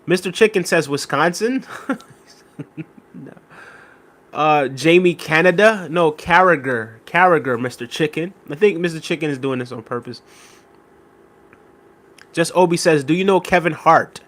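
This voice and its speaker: A man's voice: on the high side, unhurried, long pauses, fairly bright tone. A man hosting a casual live stream, reading viewer comments aloud and thanking them by name. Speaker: livestream host reading chat.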